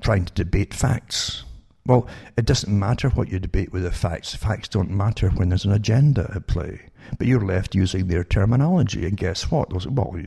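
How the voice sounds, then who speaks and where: A man's voice: fairly low pitch, creaky, warm tone, breathy edge. A man giving rambling commentary to his listeners, with many restarts and rhetorical questions. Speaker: online commentator reading news articles.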